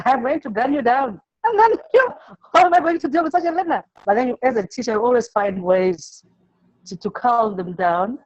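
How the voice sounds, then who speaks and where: A Zimbabwean woman teacher answers interview questions with classroom stories, speaking haltingly, repeating words and acting out the pupils she quotes. Her voice is on the high side and animated, and the sound is lo-fi.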